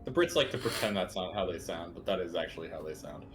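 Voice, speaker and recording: Teasing man co-host, lively pitch. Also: fast. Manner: teasing, joking. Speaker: let's play co-host. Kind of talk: casual gameplay chat.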